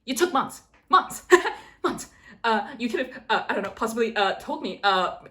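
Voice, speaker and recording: A young woman in her twenties vlogging from her desk at home, her voice sitting a little high. She rants and complains with biting sarcasm, and her voice jumps into sudden squeals when something annoys her. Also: lively intonation, fairly quick, a bit bright. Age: 20s. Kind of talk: casual vlog chat.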